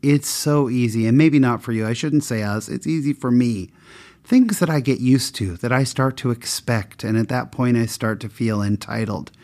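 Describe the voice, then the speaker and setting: A man's voice: moderate pace, a little mellow. A man sharing a personal anecdote with a moral lesson, in a candid, conversational and self-mocking way. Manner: voices the people in his story with big pitch swings.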